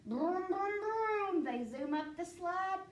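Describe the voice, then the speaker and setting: A woman reads a picture book aloud to children, her very high voice bouncing up and down playfully and taking its time. She adds playful sound effects as she goes. She sounds a little far from the mic in an echoey room. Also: animated, takes it slowly. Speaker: children's librarian.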